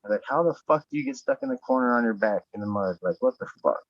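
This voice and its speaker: A man's voice: mid-range voice, expressive, fast talker, no room sound. A man in casual podcast chat, profane and rambling, raising his voice when he acts out what he said. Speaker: podcast host. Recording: dull lo-fi sound.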